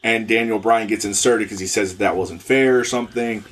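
A man's voice: lowish voice, a little fast, fairly bright tone, a little hiss or hum. A man co-hosting a casual wrestling podcast, hesitant and thinking aloud with frequent restarts. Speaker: podcast co-host.

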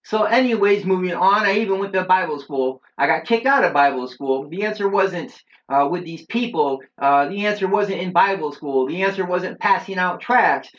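A middle-aged man giving an earnest personal religious testimony in a preachy storytelling way, often pausing with "uh". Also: sits high, a bit bright. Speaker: church member giving his testimony. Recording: dull lo-fi recording.

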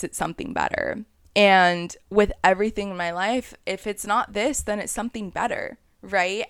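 A woman's voice: lowish voice, fairly bright tone, smooth, no echo, studio quality. A young woman hosting a spiritual podcast, talking in an earnest, conversational way and acting out inner voices. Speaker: podcast host.

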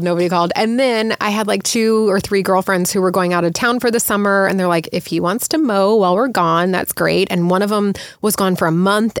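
A woman's voice: mid-range voice, no echo, clean studio sound. A woman in her thirties, a podcast host telling a family story in a casual, chatty way with many fillers.

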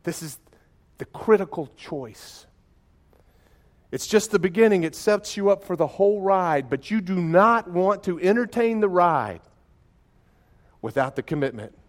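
A man preaching a sermon in a folksy, conversational way, telling stories with animated swings from quiet and slow to loud and excited, often restarting his words. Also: high-pitched. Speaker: pastor.

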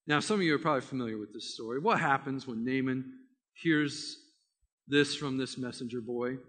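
A male preacher tells a story in a sermon, animated and vivid, often restarting his phrases. His voice sits high and sounds bright and edgy. A long reverb from a hall trails after his words. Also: normal speed.

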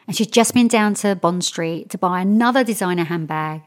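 A woman's voice: fairly low pitch, moderate pace. A woman hosting a podcast, recapping guests in an effusive, upbeat manner. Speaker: podcast host. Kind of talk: episode recap narration.

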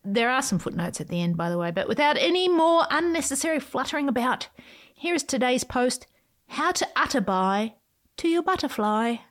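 A woman hosting her own podcast, reading a playful, whimsical script with sudden swoops in pitch. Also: sing-song, moderate pace. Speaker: podcast host.

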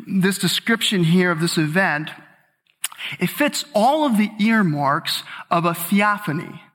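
A man with a high voice preaches a sermon, driving points home by repeating key words. His delivery is slow and deliberate. The sound rings with the long reverb of a large hall. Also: lively intonation, fairly bright tone.

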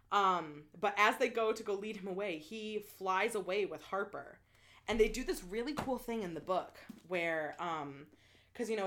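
A young woman casually and animatedly retelling a book's plot, full of "like" fillers and swearing. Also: fairly low pitch. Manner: animated, chatty, heavy use of "like" and swearing. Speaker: book fan retelling a plot. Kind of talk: casual chat.

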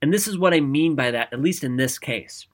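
A man giving an energetic, conversational motivational talk, often checking in with "right?". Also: fairly high pitch, brisk. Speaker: motivational speaker.

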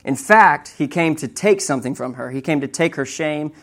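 The speaker is a young man, slightly high-voiced and moderately paced, preaching as if in conversation. He tells stories with animation and repeatedly checks in with "right?"

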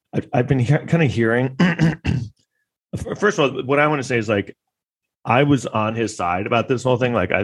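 Low-voiced man rambling through a recap. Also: fairly bright tone, breathy edge. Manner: rambling, lots of filler words. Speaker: comedic commentator. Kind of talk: casual comedic recap.

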